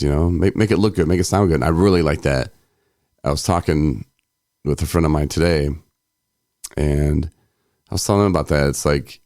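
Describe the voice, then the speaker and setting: Very low-voiced man in casual podcast chat. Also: normal speed, pauses often, dry recording, clean studio sound. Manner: rambling, laughs often, animated quoting. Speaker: podcast co-host.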